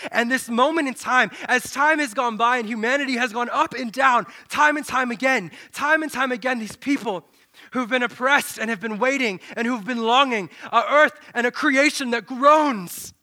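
Male preacher, high and bright, animated sermon delivery with dramatic quiet drops. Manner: animated, dramatic, often drops to a low hush then swells loud.

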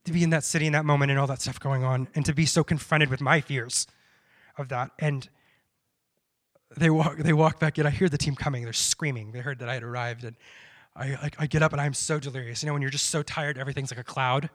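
A man's voice: medium pitch, fairly even intonation, fast. A young man giving a personal testimony as a missionary, telling his story with quoted self-talk and many restarts. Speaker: missionary speaker.

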